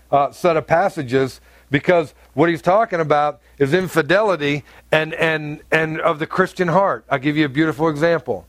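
A male pastor preaching a sermon, emphatic, his voice swinging between high loud peaks and low quiet stretches. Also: dry recording. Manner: emphatic preaching with wide swings in pitch and volume.

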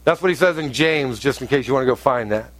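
A pastor preaching a conversational sermon, telling stories and rising to emphatic outbursts. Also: male voice, medium pitch, fast talker, fairly bright tone, no echo.

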